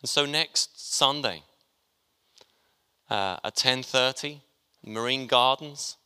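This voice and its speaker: A man's voice: mid-range voice, slow pace, bright, forceful tone, clear, resonant tone. A man preaching a sermon, chatty and joking with his congregation as he talks. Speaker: pastor. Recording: long hall reverb.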